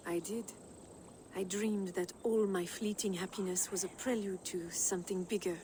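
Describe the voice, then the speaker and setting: A woman's voice: medium pitch, fairly even intonation, normal speed, warm tone, slight background noise, natural voice. A woman with a French accent voicing a wistful Frankish noblewoman in a video game, speaking in a tender, dreamy way.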